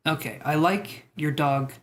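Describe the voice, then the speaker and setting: A man with a fairly high, slightly bright voice hosts a tarot livestream, talking at an unhurried pace. He rambles casually as he reads comments, joking with chat and poking fun at himself.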